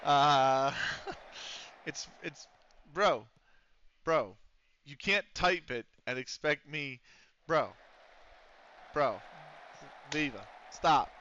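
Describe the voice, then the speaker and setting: A man's voice: on the high side, pushed and bright. A young man from Pennsylvania, rambling and swearing through a casual gaming stream. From Pennsylvania, USA. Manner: rambling, profane, ranting. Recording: dull lo-fi stream audio with faint noise.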